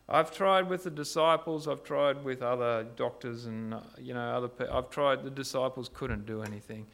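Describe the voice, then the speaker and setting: Gravelly-voiced male preacher. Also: mid-range voice, normal speed, few pauses. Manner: animated storytelling, rhetorical questions. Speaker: pastor. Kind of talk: sermon.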